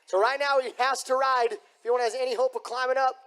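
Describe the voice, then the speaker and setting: A man announcing a live bull riding event in an arena, booming and hyping up the crowd. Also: steady tone, fast talker, fairly bright tone. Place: rodeo arena.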